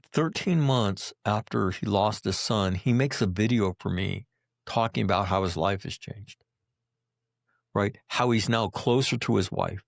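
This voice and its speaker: Gravelly low-voiced man telling stories. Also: dry recording, clean studio sound. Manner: blunt and profane, leans on "right?" and "you know". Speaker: podcast guest, Marine veteran. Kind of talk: emotional personal storytelling.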